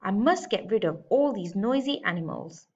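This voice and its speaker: Woman doing a bossy grumbling storybook bear, cross and loud, lo-fi sound. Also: mid-range voice, expressive, normal speed, breathy edge. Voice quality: growling, grumbling. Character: grumpy, bossy male bear wanting sleep. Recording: slightly dull lo-fi recording.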